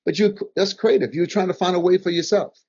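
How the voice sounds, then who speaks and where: A high voice, a little fast and with a breathy edge, belongs to an older man guesting as a comedian and offering motivational advice. As an animated storyteller he acts out the quotes of others, and the audio sounds dull and lo-fi.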